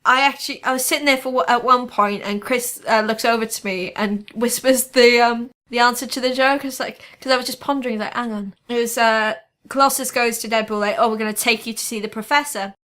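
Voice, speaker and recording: A woman co-hosting a podcast in casual chat, excitable and quick to laugh. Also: a little high. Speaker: podcast co-host.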